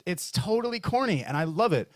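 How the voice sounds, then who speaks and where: Animated man hosting a comedy open mic. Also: brisk. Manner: rambling, animated, with many fillers and restarts; jumps into high mock voices and low pompous voices for bits. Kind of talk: stand-up comedy. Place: bar open mic night.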